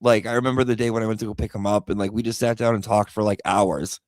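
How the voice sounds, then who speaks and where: A man's voice: lowish voice, fairly even intonation, quick pace, no room sound. A man hosting a casual livestream chat, talking loosely with lots of fillers and restarts. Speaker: livestream host.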